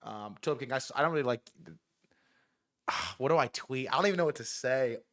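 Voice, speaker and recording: A young man doing casual livestream commentary, excitable, swearing often, repeating himself and talking straight to his chat. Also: medium pitch, a little fast. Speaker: streamer reacting to news.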